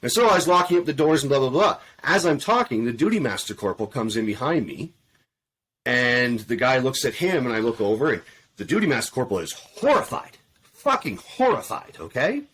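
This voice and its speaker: A man's voice: medium pitch, fairly quick, slightly rough. Blunt, profane man telling a story. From Canada. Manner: blunt, profane, swears constantly; animated, acts out quoted dialogue. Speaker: podcast panel guest, army veteran. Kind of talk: casual storytelling in a round table.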